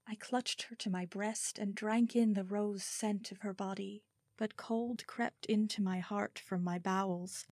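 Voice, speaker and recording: A woman reads a first-person story aloud in a measured, expressive way. Her pace is unhurried and her pitch sits mid-range. The recording is dry, with no room echo. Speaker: audiobook narrator. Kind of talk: scripted story narration.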